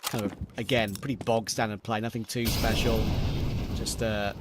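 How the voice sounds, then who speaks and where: Losing his voice, a young esports caster from England with a London accent chats casually with viewers, answering their questions between plays in solo commentary. His voice is lowish and flat at normal speed, buried in heavy background noise of game audio and gunfire.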